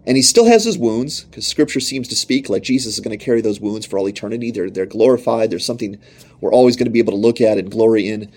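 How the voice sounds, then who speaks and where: A man's voice: on the low side, expressive, quick pace, a little mellow. A young man preaching a sermon, telling his own story in an earnest, emphatic way.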